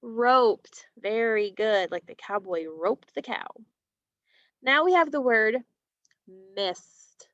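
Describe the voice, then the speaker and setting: Woman teacher, very slow and deliberate, phonics drills, dry, muffled lo-fi sound. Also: on the high side, lively intonation, a bit bright, dry recording. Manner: stretches out and repeats single sounds, encouraging. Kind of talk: slow, clearly enunciated phonics lesson. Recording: dry, dull lo-fi recording.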